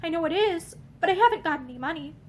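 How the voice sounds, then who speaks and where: An eager, innocent young girl, earnest and pleading, her voice climbing high, as a woman reading a novel puts her on. Her speech leaps and swoops with a lively, expressive lilt. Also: fast, a little hiss or hum.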